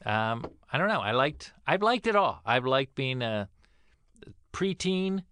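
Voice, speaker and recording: A man in his fifties chatting casually as a podcast co-host, wry and fond of dry teasing. His voice is bright and forward, recorded close and dry with no room sound. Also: mid-range voice, big pitch swings, unhurried, smooth, no echo. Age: 50s. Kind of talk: casual chat.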